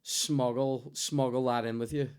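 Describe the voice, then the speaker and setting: A young Belfast man chatting on his podcast, full of swearing and loose, rambling stories. His voice is smooth and resonant, with a pitch in the middle of the range. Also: steady tone, measured pace, darkish tone. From Northern Ireland. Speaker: podcast host. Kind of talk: casual chat.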